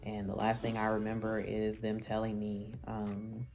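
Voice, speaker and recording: A woman's voice: extremely low pitch, completely flat delivery, moderate pace, creaky, darkish tone, soft background music. A woman vlogger telling a personal story in a candid, casual, conversational way, with many fillers and restarts.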